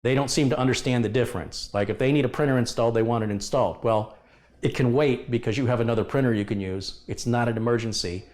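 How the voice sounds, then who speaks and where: A man's voice: mid-range voice, quick pace, darkish tone. A middle-aged man who runs a computer repair business, talking straight to camera and venting his frustration about a customer. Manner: frustrated, venting, acts out past exchanges. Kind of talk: candid monologue to camera.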